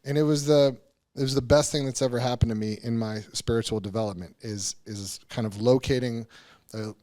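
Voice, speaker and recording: Brief: male podcast guest, middle pitch, candid and earnest storytelling, halting restarts, casual swearing. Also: fairly even intonation, warm tone. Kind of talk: personal storytelling in a podcast interview.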